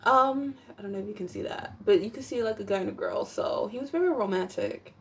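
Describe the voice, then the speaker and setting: A woman's voice: mid-range voice, brisk. A young woman giving a casual tarot reading to camera at home, rambling with many fillers and apologetic asides. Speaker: tarot reader.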